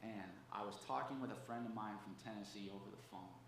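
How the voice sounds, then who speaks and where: A low-voiced man speaks fast with vocal fry, preaching a sermon that includes personal testimony in a church sanctuary. He's conversational, tagging lines with "okay?" and "right?". The room is echoey, with faint background ambience and a slight hiss or hum.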